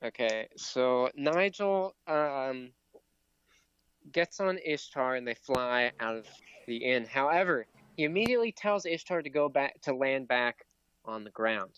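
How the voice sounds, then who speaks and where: A man narrating a tabletop game as game master, slow and halting with many fillers. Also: medium pitch, lively intonation, a bit bright, clear, resonant tone, dry recording, highs cut off.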